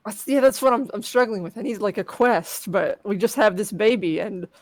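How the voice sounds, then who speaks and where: A woman co-hosting a text adventure stream, chatting casually with playful deadpan jokes and reading story lines aloud. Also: medium pitch, normal speed, no echo. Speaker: co-host playing a text adventure game.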